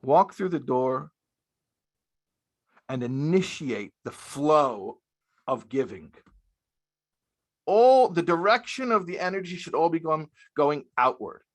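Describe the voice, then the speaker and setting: Taking it slowly with long pauses, this rabbi speaks in a fairly high, animated voice. His sermon-style talk is aimed at young married men, and he hammers home key phrases through repetition, mixing in Hebrew and Yiddish words.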